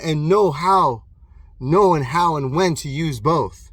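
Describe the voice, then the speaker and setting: A man in his thirties giving an impassioned, profane motivational monologue alone in his room, swinging between loud bursts and hushed intensity. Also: fairly high pitch, slow pace, husky, dry recording. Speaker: motivational vlogger.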